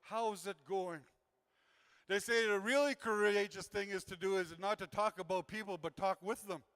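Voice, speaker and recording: Youth worker guy giving a heartfelt talk, highish voice, smooth and clear, keeps repeating himself for emphasis. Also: fairly even intonation, fairly quick, a bit bright. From Canada. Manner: earnest, repetitive, acts out quoted voices. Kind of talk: motivational talk to a gathering.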